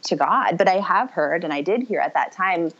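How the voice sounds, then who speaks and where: A woman's voice: on the low side, expressive, moderate pace, a bit bright. A woman guest telling her life story in conversation, rambling and correcting herself as she goes. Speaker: podcast guest. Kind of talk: personal testimony in conversation. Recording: muffled lo-fi audio.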